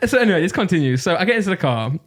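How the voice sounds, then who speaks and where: A man's voice: sits high, sing-song, fast. A young man with a Nottingham accent, telling a rambling story on a casual podcast and laughing his way through it. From Nottingham, England. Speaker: podcast co-host.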